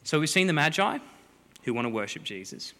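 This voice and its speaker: A man preaching a sermon, a lively, joking storyteller who acts out the people in the story. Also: a little high, fairly quick. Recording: long hall reverb.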